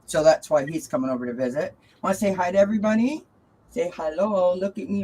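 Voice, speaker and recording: A woman's voice: lowish voice, quick pace, mellow, a little hiss or hum, poor audio. Bubbly woman hosting a live tarot stream. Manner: chatty, bubbly, laughs often, coos to her cat. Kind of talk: casual live-stream chat.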